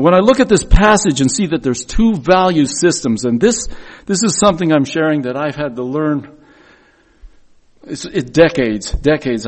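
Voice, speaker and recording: A middle-aged man giving a sermon, telling personal stories in an earnest way and often repeating words as he goes. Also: on the high side. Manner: earnest storytelling with frequent word repeats.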